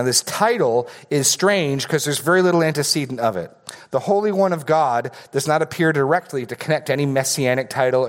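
Male pastor, mid-pitched, earnest sermon delivery with emphatic repetition. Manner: earnest, repeats words for emphasis. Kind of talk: expository sermon.

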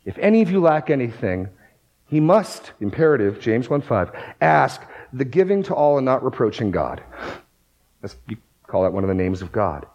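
A man's voice: fairly low pitch, a little mellow, breathy edge, poor audio. A man preaching a sermon, working through scripture passages and rising to emphatic bursts on key words. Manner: quotes scripture aloud, reads verses with emphasis. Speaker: pastor.

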